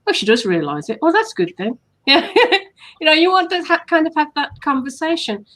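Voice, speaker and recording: A woman's voice: sits high, very animated, fairly quick, fairly bright tone. A woman co-hosting a casual coaching chat, patiently explaining steps and acting out sample compliments. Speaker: hypnotherapist co-host.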